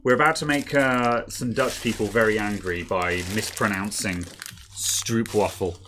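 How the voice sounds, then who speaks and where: A man's voice: fairly low pitch, fairly even intonation, normal speed, pushed and bright. A man co-hosting a casual tech stream, chatting and rambling while testing hardware, often correcting himself and laughing easily. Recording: faint crackling noise.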